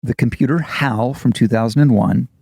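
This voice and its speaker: A man in his fifties, an actor co-hosting a podcast, chatting casually as an animated storyteller. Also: medium pitch, moderate pace, creaky, dry recording, studio quality. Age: 50s. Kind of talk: casual chat.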